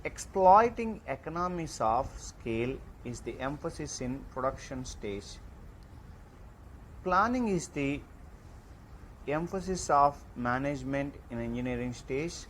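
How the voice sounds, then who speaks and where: A man lecturing in an online class, reading slide points slowly and deliberately. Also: mid-range voice, expressive, fairly bright tone, a little hiss or hum, low-quality recording.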